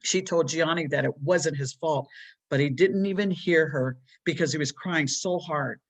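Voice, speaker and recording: A woman's voice: deep voice, normal speed. Children's author narrating her storybook, earnest and plain. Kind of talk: reading her own children's book aloud.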